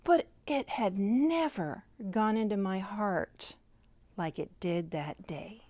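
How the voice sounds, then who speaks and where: Slow, earnest woman sharing her faith. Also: mid-range voice, dry recording. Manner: earnest, heartfelt, gentle storytelling. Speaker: Christian devotional speaker. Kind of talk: personal faith testimony.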